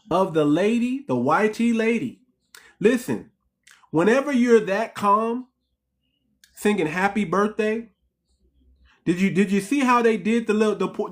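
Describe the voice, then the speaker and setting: A channel host in a heated commentary monologue, repeating points and firing off rhetorical questions at the audience, whom the host keeps calling family. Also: mid-range voice. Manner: rhetorical questions, emphatic restarts.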